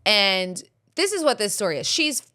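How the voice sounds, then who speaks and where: This podcast host, a woman in her thirties, rambles candidly through a story, sprinkling in fillers and laughs. She speaks at a normal speed in a medium-pitched, sing-song voice that's bright and forceful. It's a casual storytelling chat.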